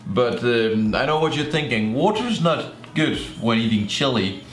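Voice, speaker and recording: A young man giving casual reaction commentary as a YouTuber, joking and sarcastic with excitable outbursts. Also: mid-range voice, normal speed. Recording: echoey room with faint music.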